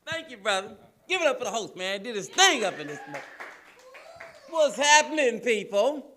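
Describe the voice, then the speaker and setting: A man from Cleveland doing a loud, profane, animated stand-up routine on a comedy club stage. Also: high-pitched, quick pace, a little hiss or hum. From Cleveland, Ohio, US.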